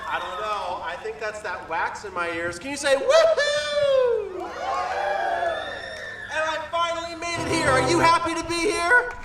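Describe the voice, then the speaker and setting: A man's voice: very high-pitched, fairly even intonation, normal speed, few pauses, a loud crowd, very noisy. A man performing as a children's entertainer on an outdoor amphitheater stage, telling an interactive story with playful sound effects. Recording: echoey outdoor stage, far from the mic.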